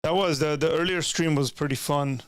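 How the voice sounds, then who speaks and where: A man's voice: fairly high pitch, normal speed, no room sound, clean studio sound. A young man hosting a live stream from a home room with bookshelves, chatting to viewers in a rambling way with many restarts. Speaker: streamer reading chat. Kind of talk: casual live-stream chat. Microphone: desk microphone, leans in close.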